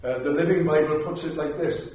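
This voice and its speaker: A man's voice: a little high, steady tone, brisk, a little mellow. An older man with a Welsh accent preaching a sermon in a chapel, telling stories and repeating phrases for emphasis. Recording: very echoey chapel, mic far off.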